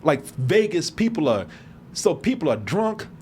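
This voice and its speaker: A man's voice: a little high, measured pace, a little hiss or hum. A man hosting a show who tells a story in a casual chat, laughing often and acting out the quotes. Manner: animated, laughing, acts out quotes. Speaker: show host.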